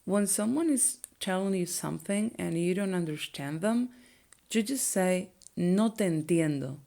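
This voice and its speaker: A young woman whose first language is Spanish, teaching phrases slowly and clearly and repeating each one for learners. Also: mid-range voice, expressive, warm tone.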